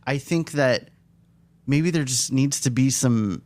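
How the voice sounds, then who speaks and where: A man's voice: medium pitch, takes it slowly, darkish tone. A man who does stand-up comedy, talking in an earnest, reflective way in a casual studio podcast chat.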